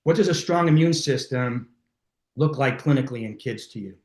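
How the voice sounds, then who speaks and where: A man hosting a live talk, telling stories in a lively, casual way and slipping into voices for the people in them. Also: medium pitch, normal speed, echoey room. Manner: animated, acts out voices in his stories. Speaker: host. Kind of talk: casual storytelling to a live online audience.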